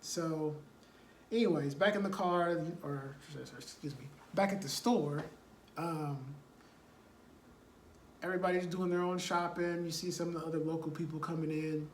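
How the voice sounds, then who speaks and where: A man's voice: on the high side, fairly even intonation, normal speed, slight background noise. Rambling man retelling a movie. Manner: rambling, full of "like" and "you know". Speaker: storyteller. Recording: roomy echo, distant mic, faint ambience.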